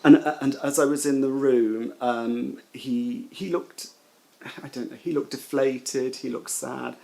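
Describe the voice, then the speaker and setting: A middle-aged man, a former nurse, giving personal testimony in an emotional, halting way, often repeating his words. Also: medium pitch, steady tone, vocal fry, warm tone, rough recording.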